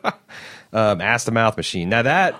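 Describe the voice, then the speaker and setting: A man with a fairly low voice that swings widely in pitch, bantering in a relaxed, joking way. He often jumps up high when acting out quoted lines. The sound is dry and close, with no room around it. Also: measured pace, no room sound. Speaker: podcast co-host recapping a TV episode. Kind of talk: casual chat.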